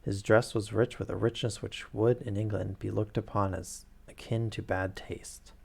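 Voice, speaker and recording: A man's voice: lowish voice, fairly even intonation, normal speed, creaky, a little mellow, slightly rough. A man streaming himself reading a classic novel aloud, casually, who stumbles over words and corrects himself. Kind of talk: casual read-aloud narration.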